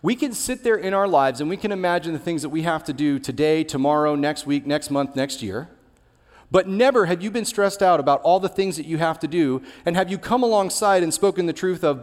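A man's voice: on the high side, expressive, a little fast. A young adult male pastor giving a sermon in a candid, conversational way, sharing personal stories. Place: large church hall. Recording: long reverb of a large hall.

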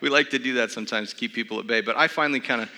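A man's voice: mid-range voice, racing, sharp tone. A man preaching a sermon, telling a humorous, self-deprecating story with comic timing. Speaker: pastor. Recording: long reverb of a large hall.

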